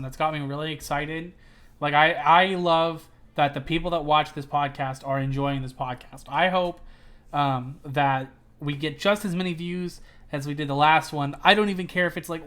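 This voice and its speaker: A young man hosting a casual podcast chat, lively and often repeating himself as he talks. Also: on the high side. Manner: animated, repeats words, swears casually. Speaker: podcast host.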